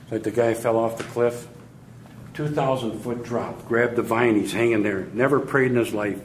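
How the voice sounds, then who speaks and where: A man's voice: medium pitch, fairly even intonation, normal speed. An older man, a sales trainer, telling funny stories to an audience and acting out the characters' voices. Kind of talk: humorous storytelling talk to an audience. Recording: echoey room with faint noise.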